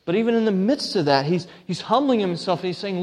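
A man preaching from the pulpit, his voice sitting a little high for a man. He moves between earnest, pleading scripture reading and casual asides to the congregation. The sound carries a long, ringing reverb from the church hall. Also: animated, fast, a little mellow. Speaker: pastor. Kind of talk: sermon.

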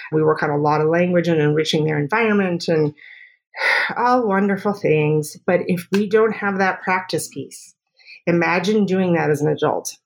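A woman speech therapist talks through her work in a relaxed interview. She explains with a lot of rhetorical checks, small restarts and light laughs as she thinks aloud. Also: on the low side. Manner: explanatory, tags points with "right?". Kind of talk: conversational interview answer.

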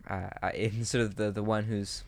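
A man's voice: lowish voice, level tone, normal speed, no room sound. A man chatting casually about building fantasy worlds for tabletop games, musing with lots of fillers and restarts. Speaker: podcast co-host.

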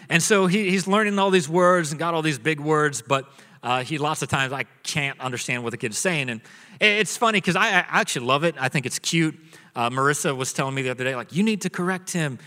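A man in his thirties preaching a sermon in a church, telling jokes and family stories in a relaxed way. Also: on the high side. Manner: joking storyteller, acts out his son's voice. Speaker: pastor. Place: church auditorium. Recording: long reverb of a large hall.

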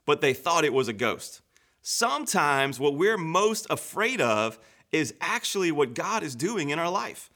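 Bright-voiced man preaching a devotional. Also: mid-range voice. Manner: earnest, conversational, varies pace for emphasis. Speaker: pastor. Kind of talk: devotional sermon.

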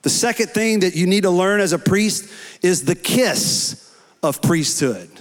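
Earnest preacher in a reverberant hall. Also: male voice, high voice, lively intonation, measured pace. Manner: earnest preaching, rising to shouts in prayer. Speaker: pastor. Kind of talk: sermon. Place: church hall.

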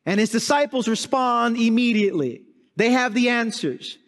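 A man's voice: very high-pitched, normal speed, in a large hall. A man preaching a sermon as pastor, emphatic and full of rhetorical questions.

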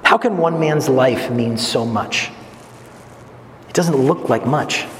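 A man preaching a sermon, earnest and emphatic, swinging from strong peaks down to low, quiet lines. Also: takes it slowly. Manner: gestures while speaking. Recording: echoey hall with long reverb, faint noise.

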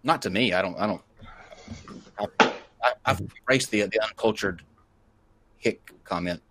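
A man's voice: fairly low pitch, normal speed, heavy background noise. A man hosting a live online show, giving step-by-step instructions and joking along the way. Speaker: host.

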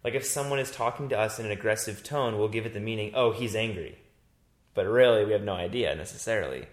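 A fairly low-voiced man chatting casually, rambling and animated as he works through ideas and relives his own reactions. His voice rings with noticeable room echo. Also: fast. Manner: animated, rambling storyteller who acts out his own past thoughts. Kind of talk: casual chat. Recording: roomy echo.

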